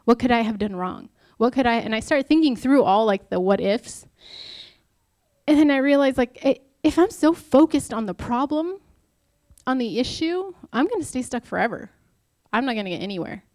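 A young adult woman gives an informal devotional talk at church, chatty and candid, blending personal stories with rhetorical questions. Her voice is a little high and a little mellow, animated, at a moderate pace, with no room sound.

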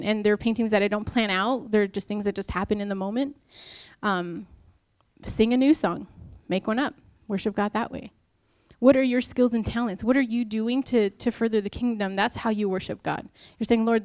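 A woman's voice: medium pitch, fairly even intonation, normal speed, darkish tone, dry recording. A young adult woman giving an informal devotional talk, chatty and candid, mixing personal stories with rhetorical questions. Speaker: speaker at a church talk.

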